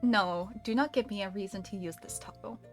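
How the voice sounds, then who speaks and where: A woman's voice: mid-range voice, brisk, soft background music. A woman streamer chatting live with her viewers, playful and giggly, laughing often between lines.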